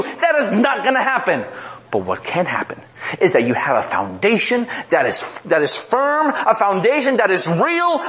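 Animated high-voiced preacher man. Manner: animated, humorous, repeats words, drops low and slow for emphasis. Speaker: pastor. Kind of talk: sermon.

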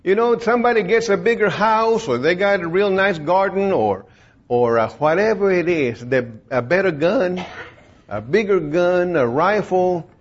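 A man's voice: sits high, animated, measured pace. A man preaching an informal sermon in a plain-spoken, folksy way, rambling with many fillers and restarts. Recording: dull lo-fi recording.

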